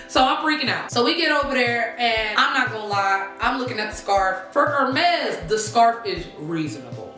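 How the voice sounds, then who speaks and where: Animated young woman, echoey room. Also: on the high side, moderate pace, hardly any pauses, faint music behind. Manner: animated, chatty, addresses viewers as y'all. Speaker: vlogger. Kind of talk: casual storytime vlog.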